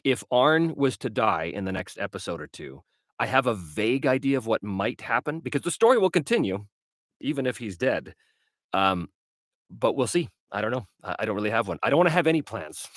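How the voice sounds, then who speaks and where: A man's voice: fairly low pitch, a bit bright, dry recording, clean studio sound. A man hosting a casual livestream, chatting and answering viewer questions with lots of fillers. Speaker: livestream host and game master. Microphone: webcam livestream setup.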